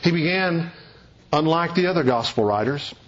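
A man's voice: on the high side, lively intonation, moderate pace, muffled recording. A man preaching an expository sermon, emphatic and repeating key phrases for weight.

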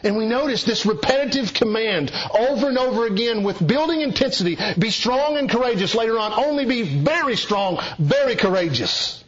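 A man preaching a sermon, emphatic, dropping low and hushed, then rising with urgency. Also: expressive, normal speed, few pauses. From Eastern Kentucky. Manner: emphatic, swings between low hushed lines and raised urgent ones. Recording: dull lo-fi sound.

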